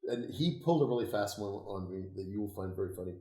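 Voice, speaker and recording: An older man with a fairly low voice tells stories as an interview guest. He is animated and often laughs, and he swears freely. The room gives his voice a roomy echo. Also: fast talker. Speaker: interview guest, occultist author. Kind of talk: casual storytelling conversation.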